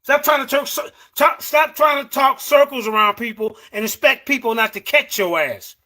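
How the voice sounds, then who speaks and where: Hosting a fiery livestream debate, this man speaks at a moderate pace with a very high, bright and forceful voice. He berates his guest and keeps repeating words so he can hold the floor.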